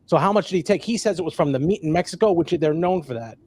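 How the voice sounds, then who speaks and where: A man hosting a casual live stream, explaining things in a halting, conversational way with lots of fillers. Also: a little high, expressive, a little mellow, husky. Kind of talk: casual chat.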